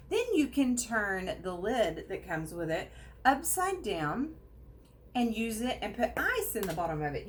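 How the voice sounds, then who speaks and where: Middle-aged woman, bouncy animated pitch, chatty host demo, faint room noise. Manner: chatty, upbeat, lively pitch. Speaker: product demonstrator. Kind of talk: casual product demo.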